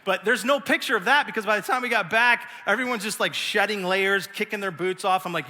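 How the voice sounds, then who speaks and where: A middle-aged man giving a sermon as pastor, telling stories in an animated, self-mocking way. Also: high-pitched, a little fast. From United States. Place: large church auditorium. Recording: long reverb of a church hall.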